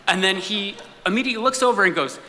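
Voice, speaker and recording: Animated man telling a story in a hall. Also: high-pitched, fast talker, very noisy. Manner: animated, comic retelling with acted-out asides. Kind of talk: live personal storytelling. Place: stage in an event hall.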